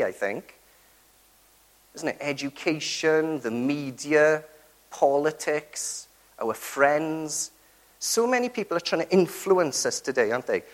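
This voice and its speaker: A man preaching a sermon, earnest and emphatic, who keeps turning to the congregation with rhetorical tag questions. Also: on the high side.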